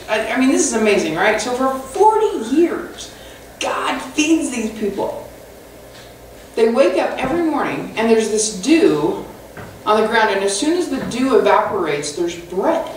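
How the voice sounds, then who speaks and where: A woman pastor preaching a conversational sermon with animated, humorous storytelling, recorded in a church sanctuary away from the mic. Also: fairly high pitch, slight background noise. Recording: echoey hall from far off.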